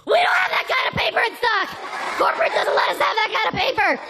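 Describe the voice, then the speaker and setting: A panicked copy shop clerk shrieks in a shrill, frantic voice, as a man puts the voice on with the pitch jumping far above his own. The shouting is loud and cracked with alarm. The recording is noisy and full of clicks. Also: big pitch swings, quick pace, vocal fry, crowd noise, heavily acted.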